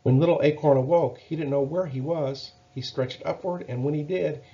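A man reading a children's Bible story aloud in a gentle, measured way. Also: fairly high pitch, steady tone, dull audio.

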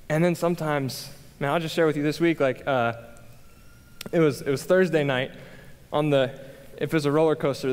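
A man's voice: on the high side, in a large hall. A young adult man preaching a candid, conversational sermon, self-deprecating and full of fillers and restarts. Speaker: pastor.

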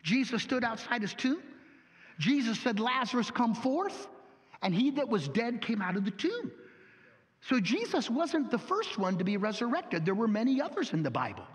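High-voiced male pastor, lively and folksy in delivery, with long church-hall reverb. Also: normal speed. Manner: animated, folksy, rhetorical questions. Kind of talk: sermon.

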